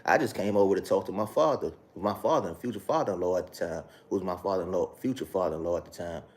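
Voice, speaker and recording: A man with a fairly low voice tells his life story to the camera. He talks slowly and haltingly, often repeating phrases, and his speech is loose and full of street slang. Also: a little mellow. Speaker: vlogger sharing his testimony. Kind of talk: casual spoken testimony.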